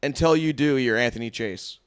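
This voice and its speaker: A man's voice: medium pitch, brisk, clean tone. A man co-hosting a podcast in a studio, ribbing his friend with crude jokes in casual banter. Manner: mocking, laughing, crude jokes. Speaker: podcast co-host.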